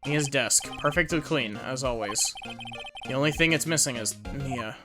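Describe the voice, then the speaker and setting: A woman's voice: a bass voice, normal speed. A woman reading the lines of a young male defense lawyer, making dry, wry remarks, over game music. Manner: dry, wry remarks while looking around.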